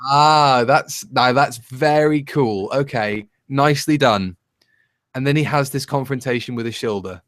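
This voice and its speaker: A man's voice: medium pitch, a little slow, fairly bright tone, no echo. A man co-hosting a casual review chat, ranting in an exasperated, sarcastic way. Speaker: co-host.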